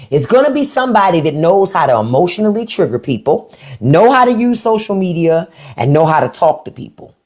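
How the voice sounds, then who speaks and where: A woman's voice: fairly low pitch, darkish tone. A middle-aged woman hosting a casual livestream, blunt and taunting as she talks to her viewers. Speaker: livestream host.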